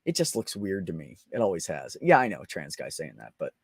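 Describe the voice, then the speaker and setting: A man's voice: low-pitched, wildly swooping pitch, brisk, breathy edge, dry recording, clean studio sound. Crude, joking young man on a livestream. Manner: crude, joking, laughs often. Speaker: livestream host. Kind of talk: casual live chat.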